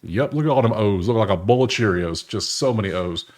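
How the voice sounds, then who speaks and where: A man with a fairly low voice hosts a sports betting channel in casual screen-share commentary. He talks loosely and jokes as he clicks through games. He chuckles often. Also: expressive, a little fast.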